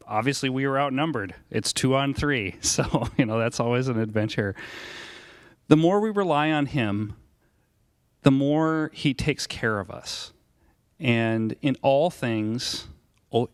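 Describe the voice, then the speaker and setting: A young father speaks in a relaxed, halting way, with fillers between his thoughts. His voice is at a middle pitch. The recording is close and dry. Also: smooth, no echo. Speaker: father introducing his family. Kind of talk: casual family testimony.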